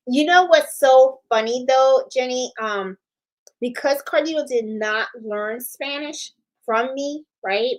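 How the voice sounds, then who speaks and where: A middle-aged woman chats loosely with her viewers as a crafts channel host. Her voice sits a touch high, and she strings her thoughts together with plenty of "you know" and "okay?" in a relaxed, rambling way. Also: measured pace, poor audio. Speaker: host of a sewing and embroidery channel. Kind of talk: casual live-stream chat.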